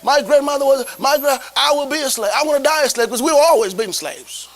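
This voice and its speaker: A man's voice: extremely high pitch, fairly quick, fairly bright tone. A man voicing a crowd of enslaved people who stammer and refuse to believe in freedom, acted within a sermon. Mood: resigned. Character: stubborn enslaved people, resigned to bondage.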